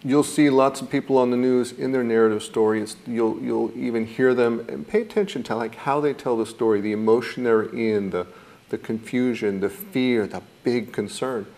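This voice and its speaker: A man's voice: mid-range voice, moderate pace, a little mellow. A man teaching a mindfulness course in a thoughtful, reflective way, now and then acting out how people react. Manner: thoughtful, acts out quoted reactions.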